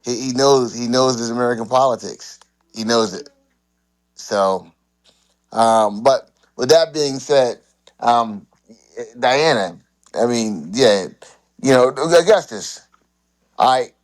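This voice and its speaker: A man hosting a live debate show, talking casually with halting restarts. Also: medium pitch. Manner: halting, many fillers and restarts. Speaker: host.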